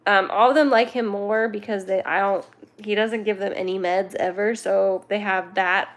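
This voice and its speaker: A woman's voice: mid-range voice, steady tone, normal speed. A young woman hosting a cat rescue livestream, chatting casually with viewers in a playful, giggly, rambling way.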